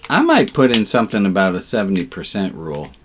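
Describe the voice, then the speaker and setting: A man's voice: low voice, big pitch swings, fast talker, a little hiss or hum. A man leading an online service as rabbi, casual and playful, fond of puns, on a video call.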